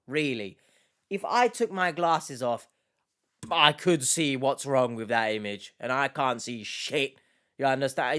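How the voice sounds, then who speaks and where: A man's voice: fairly high pitch, fairly bright tone, smooth. A man hosting a reaction video, commenting casually with sarcastic, mocking asides.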